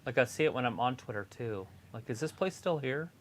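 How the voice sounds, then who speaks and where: A co-host chatting casually on a live stream, offering relaxed, offhand opinions. The voice sits at an ordinary middle pitch. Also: brisk. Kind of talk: casual chat.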